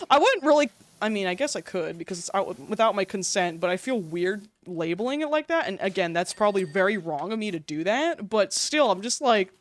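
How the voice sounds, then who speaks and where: Lively young woman streamer chatting. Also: mid-range voice, moderate pace. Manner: animated storytelling, swearing, laughing often. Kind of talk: casual livestream chat.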